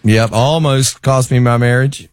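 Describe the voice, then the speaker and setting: A man who is a guest musician, chatting casually and telling animated anecdotes. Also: medium pitch, unhurried, no echo, studio quality. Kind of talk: casual chat.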